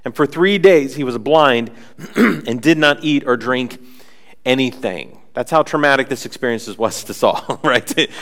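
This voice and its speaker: A man preaching a sermon, animated, acting out the people in the scripture with frequent asides. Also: mid-range voice, unhurried. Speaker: pastor.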